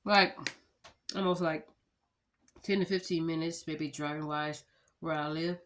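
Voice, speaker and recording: A woman's voice: sits low, fairly even intonation, a little slow, fairly bright tone. A woman in her thirties chatting casually to her viewers, rambling through storytime anecdotes and addressing them as y'all. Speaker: vlogger.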